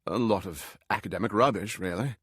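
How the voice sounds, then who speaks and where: A man's voice: on the low side, a little fast, husky, dry recording, studio quality. A male narrator voicing a charming young male Egyptologist with a polished upper-class English accent. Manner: polished, genteel and eager. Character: dashing young posh British male Egyptologist.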